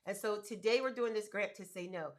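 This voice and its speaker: A woman's voice: medium pitch, brisk. A woman in her fifties hosting a casual livestream for viewers, talking emphatically and repeating her key words. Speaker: business coach and livestream host.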